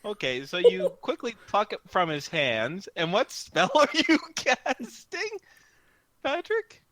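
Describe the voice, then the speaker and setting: A man running a tabletop game, narrating with animated energy and frequent laughter. His voice is bright and slightly high, with wide swings in pitch. The recording is dry and close. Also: slow. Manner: animated, laughing, loose with fillers. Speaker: game master.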